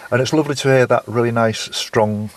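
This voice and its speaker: A man's voice: medium pitch, fairly even intonation, a little fast, a little hiss or hum. A man vlogging a walk and chatting casually, repeating words and restarting his sentences as he goes. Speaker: walking vlogger. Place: outdoors on a walk.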